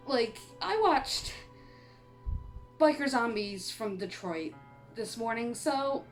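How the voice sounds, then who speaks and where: A woman from Canada chatting casually in a horror movie review vlog, rambling and laughing often, and she has the hiccups. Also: on the high side. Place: home on an island in eastern Canada.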